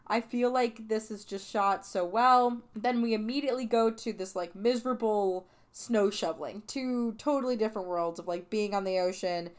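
A woman's voice: mid-range voice, normal speed, hardly any pauses. A young woman hosting a podcast, talking through a film in a casual, chatty way with lots of "like" fillers. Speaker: podcast host. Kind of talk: casual film review monologue.

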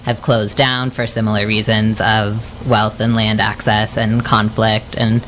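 A man guest telling a story in a measured, deliberate way. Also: lowish voice, flat delivery, a bit bright, a little hiss or hum. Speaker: podcast guest. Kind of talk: conversational storytelling.

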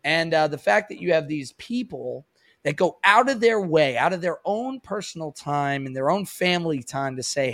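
A man in his thirties hosts a podcast in a loose, rambling chat, throwing in the odd curse. His voice sits a little high. The sound is dry and close to the mic. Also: expressive, moderate pace, a bit bright, dry recording. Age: 30s. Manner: chatty, rambling, swears casually. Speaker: podcast host. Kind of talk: casual chat.

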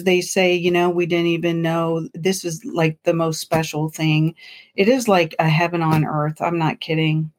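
A woman co-hosting a podcast, chatting casually and telling stories with enthusiasm. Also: lowish voice. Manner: enthusiastic, animated storyteller. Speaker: podcast co-host.

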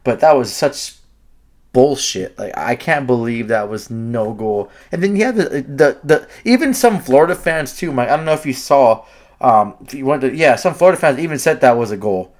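A man on a sports podcast, firing off excited, profane complaints and tripping over his words. His voice is at a middle pitch. He rambles and restarts as he gets worked up. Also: moderate pace. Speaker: podcast co-host. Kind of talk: heated sports talk.

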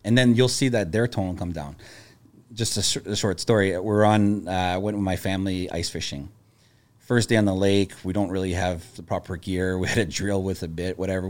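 A man, a business owner, talking in a casual podcast chat and telling stories in a calm, level-headed way. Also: sits low.

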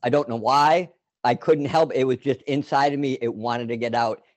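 A man's voice: medium pitch, fairly even intonation, normal speed, dry recording. Rambling man telling a story. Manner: rambling, lots of fillers and restarts. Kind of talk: casual storytelling.

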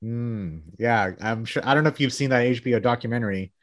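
A man from Texas with a Texan accent, hosting a casual interview and firing off quick questions, laughing often. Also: medium pitch, a bit bright, no echo, studio quality. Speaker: podcast host.

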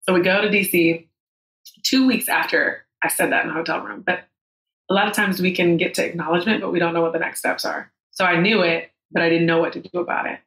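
A woman's voice: fairly low pitch, fairly even intonation, quick pace, a bit bright. A woman in her thirties telling a personal story as a podcast guest, candid and emotional, with frank swearing. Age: 30s. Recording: roomy echo.

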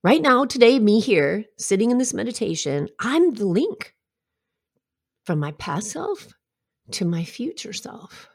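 A woman's voice: on the high side, very animated, measured pace. A middle-aged woman giving a heartfelt, reflective personal talk and telling stories with asides. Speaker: self-help speaker.

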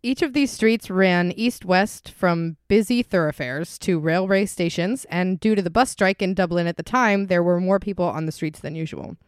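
A woman's voice: on the low side, moderate pace, hardly any pauses, clear, resonant tone, dry recording, studio quality. A woman co-hosting a casual true-crime podcast, a bit congested, laughing easily and stumbling over unfamiliar place names. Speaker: podcast co-host.

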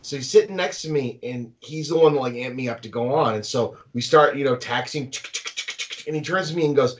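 A man hosting a casual podcast chat, an animated storyteller who laughs often. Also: medium pitch, fairly quick. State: anxious about flying. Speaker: podcast host.

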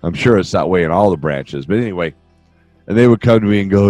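A man's voice: sits low, animated, quick pace, a little mellow, dry recording, soft background music. An older man hosting a podcast, giving relationship advice in a rambling, joking way that keeps wandering off on tangents. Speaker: podcast host. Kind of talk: casual advice monologue.

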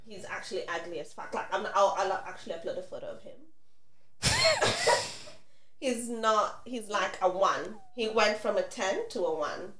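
A woman's voice: mid-range voice, wildly swooping pitch, normal speed, a bit bright, reverberant, a little hiss or hum. A young woman hosting a podcast, telling an embarrassing story candidly and crudely, laughing through tears. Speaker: podcast co-host. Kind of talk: casual storytelling.

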